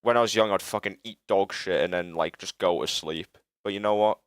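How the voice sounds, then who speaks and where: A low-pitched young man from Britain streams live, chatting casually with viewers as he fumbles through a game-building tool. He rambles, interrupts himself, swears, and gets frustrated fast, all in clean studio sound with no room sound.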